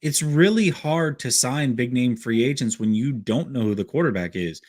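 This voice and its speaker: A man's voice: mid-range voice, expressive, moderate pace, a little mellow. A man co-hosting a sports talk show, agreeable and chuckling as he adds his own points. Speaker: podcast co-host.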